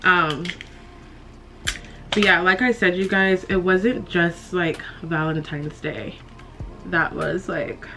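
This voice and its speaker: Over music, a young woman beauty vlogger speaks slowly and pauses often in a fairly low voice with fairly even intonation. She's doing her makeup in a casual get-ready-with-me chat, emotional and close to tears, sighing and laughing nervously.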